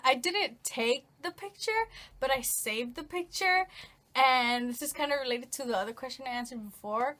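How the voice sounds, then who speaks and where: A woman's voice: a little high, pushed and bright. A woman of nineteen answering questions in a casual, rambling vlog, full of fillers and restarts. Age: late teens. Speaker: vlogger. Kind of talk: casual get-to-know-me Q&A.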